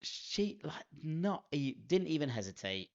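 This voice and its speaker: A man's voice: a little high, very animated, unhurried. Rambling Mancunian man telling stories. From Manchester, England. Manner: rambling anecdotal storytelling, self-mocking. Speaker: podcast co-host. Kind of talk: casual podcast chat. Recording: dull lo-fi podcast audio.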